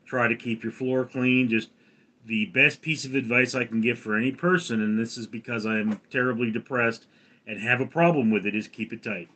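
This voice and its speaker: An American man hosting a livestream in a casual chat, reading viewer comments aloud and answering them in a rambling, halting way. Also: medium pitch, sharp tone. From United States. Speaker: livestream host.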